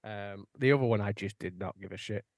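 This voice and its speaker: A man's voice: fairly low pitch, brisk, vocal fry, a little mellow, no room sound, studio quality. A young man, telling stories in casual chat with laid-back swearing.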